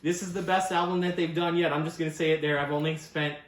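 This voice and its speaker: A man talks records in an eager, rambling way, stopping to correct himself and filling gaps with ums and uhs. His voice sits a little higher than usual for a man, and the sound bounces around an echoey room. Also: flat delivery, fast talker. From United States. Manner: enthusiastic, rambling, with frequent fillers and self-corrections. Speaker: record store owner and show host. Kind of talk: casual record review chat. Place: record store.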